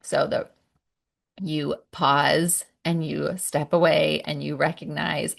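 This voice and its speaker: A woman with a deep voice and a gravelly fry gives a gentle podcast talk as a parenting coach. She walks through each step in a reflective way and sighs between thoughts. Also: level tone, slow pace.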